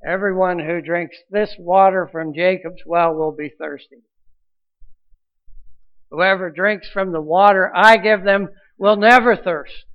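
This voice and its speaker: Man, pastor, preaching, earnest, stumbling restarts, high voice, muffled lo-fi sound. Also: steady tone, measured pace. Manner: earnest preaching with repeated restarts and rising emphasis. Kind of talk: sermon.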